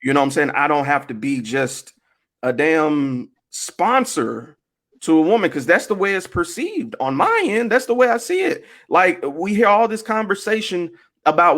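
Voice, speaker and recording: A man's voice: a little high, sing-song, normal speed, a bit bright. A man hosting a casual online group discussion, talking emphatically, asking rhetorical questions and swearing.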